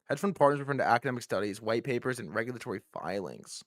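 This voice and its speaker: Young male stream host, casual profane storyteller, lively pitch, dry close mic. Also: fast, no room sound. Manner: animated, profane, switching voices for quoted people. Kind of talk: casual storytelling with acted quotes.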